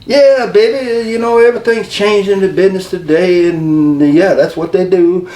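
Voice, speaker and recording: A man's voice: high voice, fairly even intonation, moderate pace, warm tone, voice pushed up, natural voice. A man doing an impression of a laid-back male wrestling booker who drawls and calls everyone "baby". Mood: explaining. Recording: roomy and a little distant.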